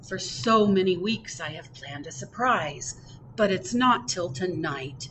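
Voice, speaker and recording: A woman librarian reading picture books aloud at storytime, expressive, with chatty asides in a public library. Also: fairly low pitch, a little slow, background noise. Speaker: children's librarian. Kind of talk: picture book read-aloud.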